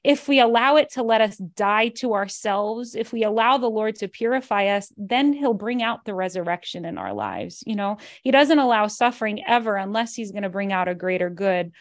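A woman's voice: mid-range voice, expressive, normal speed, hardly any pauses, no room sound, studio quality. A religious sister with a New York accent, talking casually about faith and laughing while she tells stories. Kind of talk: casual spiritual talk.

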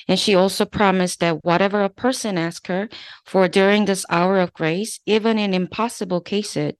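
A religious sister with a Korean accent, a native Korean speaker, reading devotional passages in a slow, careful way with small restarts. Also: female voice, fairly low pitch, clean tone, no room sound. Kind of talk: reading devotional texts aloud.

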